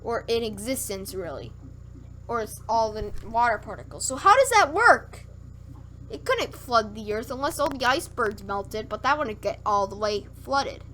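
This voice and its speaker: A woman's voice: medium pitch, animated, fairly bright tone, a little hiss or hum. A woman streamer reading scripture aloud on a livestream, stumbling and correcting herself and breaking off for wry, skeptical asides. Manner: halting reading with slips and self-corrections.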